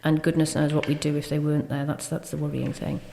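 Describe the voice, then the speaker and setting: A woman with a Welsh accent, a county official being interviewed on a podcast, talking earnestly and gratefully with many quick restarts. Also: deep voice, level tone, vocal fry, warm tone, big-room sound, a little hiss or hum. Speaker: county High Sheriff, guest. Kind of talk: casual interview. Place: small podcast studio.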